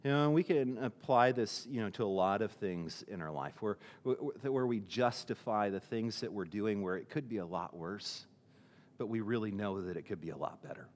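A man's voice: fairly low pitch, animated, normal speed, long reverb tail. A male pastor preaching a sermon in a conversational way, often restarting his sentences and using fillers.

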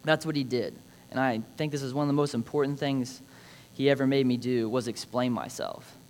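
A young man gives a prepared personal speech honoring his father, reading scripture earnestly and reflectively with touches of light humor. His voice is medium-pitched, a little mellow, and fairly quick.

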